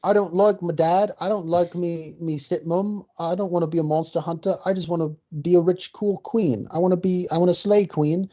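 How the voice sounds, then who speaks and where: A bratty young woman monster hunter, put on by a man, speaks in a mock British accent. She whines in a high, sing-song voice, sulky about everything. The audio is dull and lo-fi. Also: fairly even intonation, normal speed, few pauses, dark tone, close to an everyday voice. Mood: whiny.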